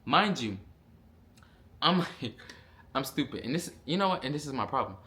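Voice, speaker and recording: A young man vlogging a casual storytime, animated and full of slang and profanity. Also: medium pitch, normal speed.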